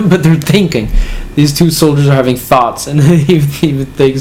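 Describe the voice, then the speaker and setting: A man's voice: a little high, normal speed, darkish tone, a little hiss or hum. Casual man reacting to a comic chapter. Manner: reads aloud, sighs and chuckles between remarks.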